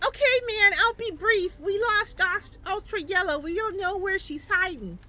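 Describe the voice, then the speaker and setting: A woman voicing a drunk man in a pink superhero suit, shouting loud and high in a game playthrough. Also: lively intonation, normal speed, faint music behind, full character voice. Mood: drunkenly earnest.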